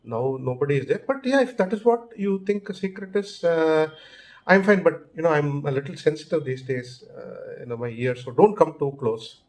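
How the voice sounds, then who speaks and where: A man's voice: fairly high pitch, expressive, normal speed, a little mellow, lightly acted. Patient male friend back from the city, voiced by the narrator: reasoning, mildly exasperated.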